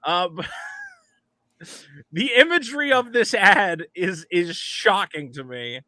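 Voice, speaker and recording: A man hosting a casual comedic podcast, loud, mocking and swearing a lot. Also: high voice, animated, slow pace, no room sound. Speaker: podcast host.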